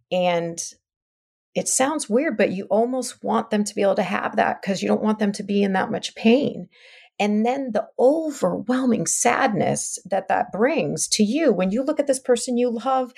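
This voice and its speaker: A woman's voice: mid-range voice, creaky, darkish tone. A middle-aged woman, a podcast guest, telling a painful family story in a candid, heartfelt way, trailing off and restarting her thoughts. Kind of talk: emotional personal interview.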